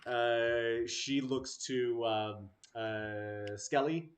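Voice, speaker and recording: A man narrating a tabletop game as game master, halting, with many fillers. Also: medium pitch, steady tone.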